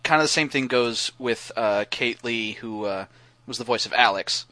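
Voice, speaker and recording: A man's voice: medium pitch, normal speed, bright, forceful tone, dry recording. A man chatting casually on a podcast, rambling with lots of fillers and restarts. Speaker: podcast guest co-host.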